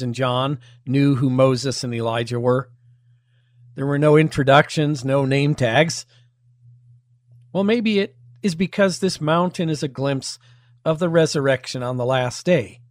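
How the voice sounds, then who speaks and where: A man preaching a sermon, measured and emphatic, with pointed rhetorical questions. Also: on the high side, a little mellow, no echo, clean studio sound. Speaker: pastor.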